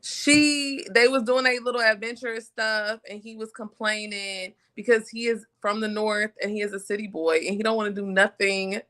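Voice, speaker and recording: A woman co-hosting a live reality show review, talking in a blunt, sassy, animated way. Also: medium pitch, normal speed, few pauses. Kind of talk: casual live-stream chat.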